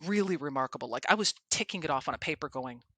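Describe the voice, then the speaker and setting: A woman hosting a casual podcast chat, telling animated stories and acting out the voices of people she quotes. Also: sits low, fast talker, no room sound. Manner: animated storyteller who acts out quotes. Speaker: podcast host and presentation coach.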